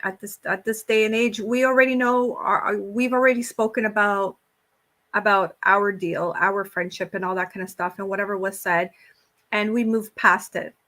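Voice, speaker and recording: A woman on a live stream, calmly backing up her co-host in casual chat. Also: medium pitch, normal speed. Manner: calm, reassuring, supportive.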